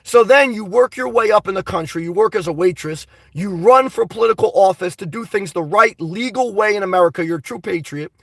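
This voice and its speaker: Guy with a high gravelly voice rambling live to viewers, mic kinda far off, dry sound. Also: brisk, few pauses, no room sound. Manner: rambling, animated, talks straight to viewers. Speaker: live stream host reading viewer comments. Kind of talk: casual live chat.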